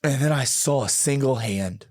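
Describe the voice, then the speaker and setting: A man's voice: mid-range voice, normal speed, a little mellow, no room sound, studio quality. A middle-aged man, a podcast guest, telling a personal testimony in conversation, acting out quoted dialogue and stammering when emotional.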